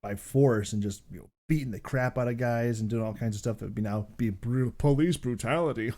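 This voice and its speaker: A man co-hosting a casual podcast, rambling and animated, laughing often between his sentences. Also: mid-range voice, brisk. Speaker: podcast co-host.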